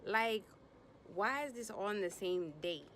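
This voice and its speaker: A woman's voice: takes it slowly, a little hiss or hum. A woman recapping a reality TV episode in blunt, slangy, sassy commentary, acting out people's lines as she goes. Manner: animated, acts out quotes in bursts of higher pitch.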